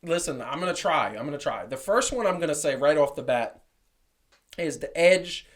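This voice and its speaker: A man's voice: on the high side, animated, moderate pace. Emphatic man podcast co-host. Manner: emphatic, repeats himself. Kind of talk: casual chat.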